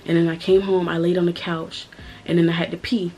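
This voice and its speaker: A woman's voice: lowish voice, flat delivery, a little fast, dark tone, a little hiss or hum, low-quality recording. A woman in her twenties telling a personal story to her channel in a blunt, profane, emphatic way. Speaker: vlogger. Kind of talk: casual storytime vlog.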